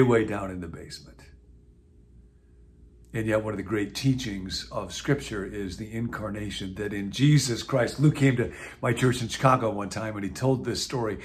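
A pastor and teacher in his sixties from the US Midwest speaks reflectively to camera for a video series. His manner is conversational and musing, with gentle asides, and his voice is on the low side.

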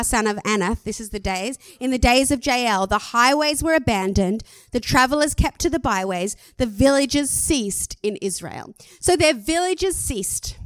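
An Australian woman pastor gives a sermon in a lively, chatty way. Her voice sits a bit high. The sound is dry and close, with little room around it. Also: no echo. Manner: lively, conversational, laughs at herself.

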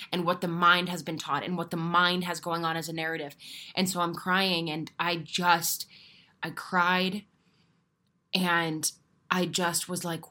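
Young woman podcast host, lowish voice, chatty and candid, swears casually. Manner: candid, animated storytelling with casual swearing and frequent laughs. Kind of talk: casual solo podcast monologue.

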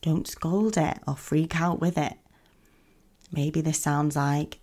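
A woman hosting a self-help podcast, talking in a gentle, soothing coaching manner. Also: sits low, measured pace. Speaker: podcast host.

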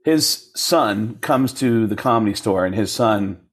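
A man with a slightly husky voice tells stories in a casual interview. His pitch swings widely as he goes. His delivery is animated and loose, the way a comedian chats. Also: measured pace. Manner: animated storyteller, jumps into voices when quoting people. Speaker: comedian guest.

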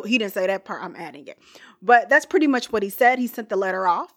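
A woman's voice: mid-range voice, expressive, quick pace. A woman hosting a podcast, casually telling a history story with playful, chatty asides and frequent laughter.

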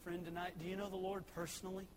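A man preaching a sermon, swinging between loud exhortation and hushed earnestness. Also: sits high, flat delivery, fast, slight background noise, rough recording.

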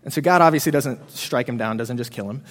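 A man preaches in a relaxed, conversational sermon aimed at students, telling a scripture story in his own everyday words. He speaks at a brisk clip and leans on casual fillers. His voice carries a long reverberant tail, as if recorded in a large hall. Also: medium pitch. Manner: conversational, retells the story with frequent "um" and "you know".

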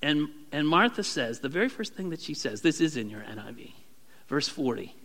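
Male pastor preaching, high-pitched and bright, acts out people's prayers. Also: moderate pace, in a large hall. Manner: animated, acts out prayers in a raised voice. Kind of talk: sermon.

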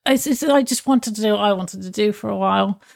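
A woman co-hosting a podcast in a casual chat, talking openly and emotionally with frequent restarts and pauses to search for words. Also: medium pitch, creaky, a little mellow. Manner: open and emotional. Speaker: podcast co-host.

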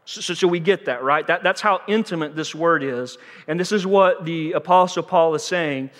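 A man's voice: a little high, moderate pace, a bit bright, big-room sound. A man preaching a sermon as pastor, emphatic and conversational, repeating words for stress and mixing in light humor.

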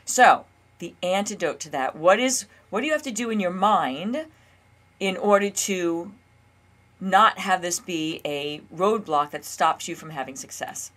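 Woman host, lower-pitched, chatty coaching monologue full of "okay?" check-ins. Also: unhurried, a bit bright. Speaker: weight loss coach and podcast host.

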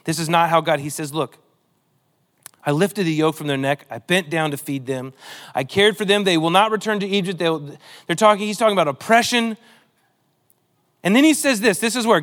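A pastor preaches a sermon, his voice sitting high, brisk, and a touch bright. He reads scripture earnestly and with feeling, his delivery pleading and dramatic.

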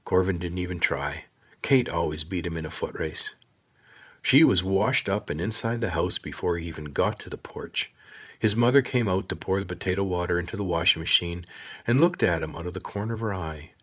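A man narrating an audiobook in a steady, measured storytelling voice. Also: sits low, husky.

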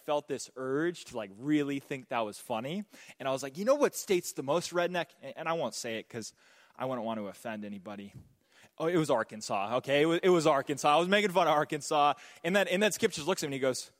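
A man preaching a sermon, telling stories and jokes in an animated way. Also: a little high, quick pace, in a large hall. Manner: animated, joking, storytelling. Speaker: pastor.

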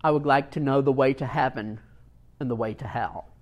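A man voicing a samurai warrior in a plain, low-key voice. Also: normal speed, highs cut off, close to an everyday voice. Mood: earnest. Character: proud male samurai warrior.

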